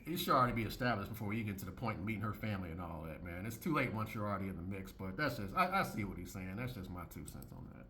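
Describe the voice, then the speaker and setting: A man giving casual reaction commentary on a video, blunt and repetitive, often jumping into high mocking tones. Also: expressive, very fast, hardly any pauses, bright, forceful tone, a little hiss or hum. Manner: blunt, repeats phrases, swings into high mocking voices.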